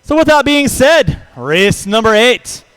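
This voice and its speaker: A man with a very high, smooth voice announces a hobby race. He is brisk and jokey, reeling off driver names in quick runs, and the sound is close and dry. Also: very animated, a bit bright, no room sound, poor audio. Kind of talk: live race commentary.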